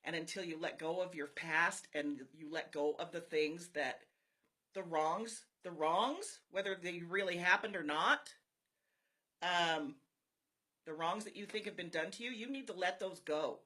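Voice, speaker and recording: A woman's voice: fairly low pitch, measured pace, bright, forceful tone. A woman talking live to her viewers, telling a personal story in an earnest, confiding way. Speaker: network marketer streaming live to followers.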